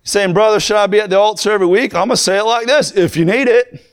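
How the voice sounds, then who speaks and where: A young man preaching a sermon, moving from plain talk to fervent, shouted preaching. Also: high-pitched, fast talker, clean tone.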